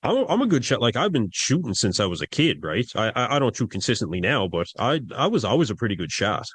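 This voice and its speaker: A man's voice: medium pitch, very animated, fast, a bit bright, slightly rough, no room sound. A man chatting casually on a podcast, rambling through anecdotes with fillers and some swearing.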